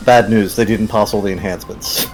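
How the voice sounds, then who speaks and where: A man's voice: fairly low pitch, fairly even intonation, brisk, rough recording. A man chatting while gaming, self-deprecating and swearing freely. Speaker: gaming companion. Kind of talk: casual chat while gaming.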